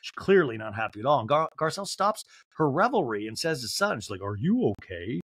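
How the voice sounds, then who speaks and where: A man hosting a podcast, recapping reality TV in an animated, crude comic style and laughing at his own jokes. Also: on the high side, fast. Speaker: podcast host.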